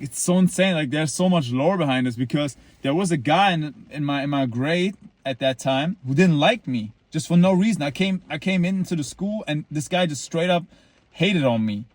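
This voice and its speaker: A man's voice: a little high, lively intonation, moderate pace, no echo. A man in his twenties telling a story to a camera outdoors in the cold, rambling and boastful, full of likes and restarts. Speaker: vlogger.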